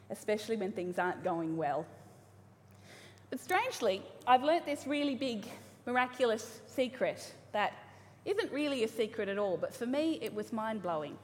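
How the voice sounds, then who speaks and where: A woman's voice: fairly high pitch, a little hiss or hum. Chatty woman preaching in a reverberant church hall. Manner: chatty, warm humor, frequent ums and restarts. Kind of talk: casual sermon. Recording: live church hall reverb, faint ambience.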